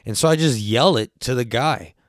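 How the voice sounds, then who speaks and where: A man hosting his own podcast, talking through a long story in a loose and profane way. His voice sits at an ordinary middle pitch. The sound is dry and close, with no room echo. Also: moderate pace. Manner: animated when quoting others. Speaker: podcast host. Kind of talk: casual storytelling.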